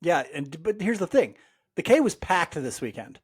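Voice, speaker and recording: A man co-hosting a sports podcast, talking in an animated, exasperated way with plenty of fillers. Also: fairly high pitch, moderate pace, breathy edge. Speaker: podcast co-host. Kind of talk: casual sports chat.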